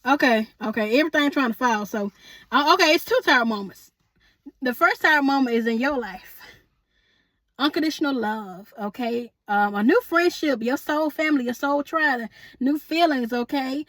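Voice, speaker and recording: A woman's voice: high-pitched, normal speed, fairly bright tone, no echo. A woman giving a chatty, sassy tarot reading to her viewers, calling them honey and boo and laughing often. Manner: laughs often, asks spirit aloud. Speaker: tarot reader.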